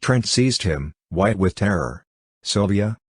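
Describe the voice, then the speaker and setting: A man reading a classic novel aloud as an audiobook narrator, in a steady, measured way. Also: low voice, slightly rough, no echo, clean studio sound. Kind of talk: scripted narration.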